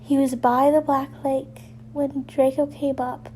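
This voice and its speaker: A woman with a high voice reads fan fiction aloud at an unhurried pace. She keeps breaking off to mock the writing and swear at it, chuckling as she goes. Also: little pitch movement, mellow, a little hiss or hum. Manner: irreverent, swears, laughs at the text. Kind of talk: casual reading aloud with commentary.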